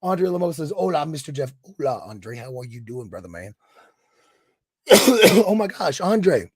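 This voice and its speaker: Hoarse-voiced man chatting on his stream. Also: a little high, sing-song, a little slow, no room sound. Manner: warm and effusive, reading chat aloud; rambling restarts and trailing into quiet mutters. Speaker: streamer host. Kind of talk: casual live stream chat.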